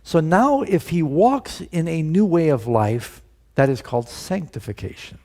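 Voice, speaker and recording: A man's voice: fairly high pitch, lively intonation, measured pace, warm tone. A male pastor preaching a sermon, putting rhetorical questions to his listeners and stressing key words.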